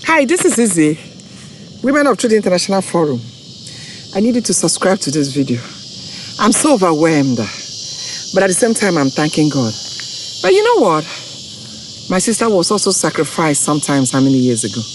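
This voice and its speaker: A woman's voice: fairly low pitch, sing-song, moderate pace, pauses often, slight background noise. A woman, from Africa, hosting an online forum in an impassioned, tearful monologue, pleading and repeating her points. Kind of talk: impassioned direct-to-camera monologue.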